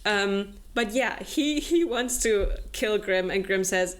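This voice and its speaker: A woman's voice: medium pitch, slow. Young woman ranting through a book recap, sarcastic, lots of likes and ums. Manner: animated, many fillers, sarcastic. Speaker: book club co-host. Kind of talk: casual chat, summarizing a novel.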